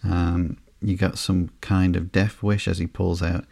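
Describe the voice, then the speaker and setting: A man hosting a sleepy podcast, reading through a comic slowly and flatly with frequent ums and uhs. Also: sits low, gravelly, no echo, clean studio sound. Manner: slow, flat and unhurried, with frequent ums and uhs. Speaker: podcast host.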